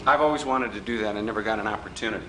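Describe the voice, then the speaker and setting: A joking man with a lowish voice lectures very fast in an echoey hotel function room before a live audience. His political persuasion workshop talk features teasing and acted-out quoted voices in anecdotes, recorded from a distance with faint hiss.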